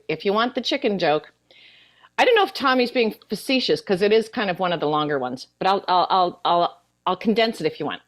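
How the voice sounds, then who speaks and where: An older woman, an actress guest in a casual interview, chatting and telling a long joke in an animated way. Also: fairly low pitch.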